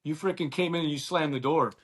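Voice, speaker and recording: A middle-aged man, a former ballplayer, guesting on a casual podcast chat, speaking earnestly and warmly and often restarting his sentences. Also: on the high side, quick pace. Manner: earnest and warm-hearted, with frequent restarts. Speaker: guest, former baseball player.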